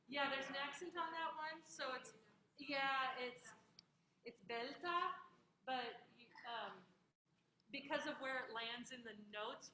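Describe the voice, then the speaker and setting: A woman teaching a classroom lesson, encouraging her students and drilling pronunciation slowly, word by word. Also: on the high side, bright, forceful tone. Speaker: music instructor. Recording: echoey classroom, faint noise.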